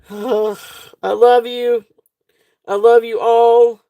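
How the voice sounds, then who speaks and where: A woman's voice: a little high, flat delivery, extremely slow, mellow. A woman hosting a live jewelry sale stream, giggly and gushing at her viewers, rambling with lots of fillers. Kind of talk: casual live-stream selling chat.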